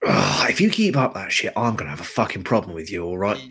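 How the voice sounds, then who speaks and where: A man's voice: sits low, big pitch swings, fast, gravelly, fairly bright tone, breathy edge, exaggerated voice. A man voicing an aggressive young pub thug who swears at everyone. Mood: threatening. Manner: swearing, hostile and mocking.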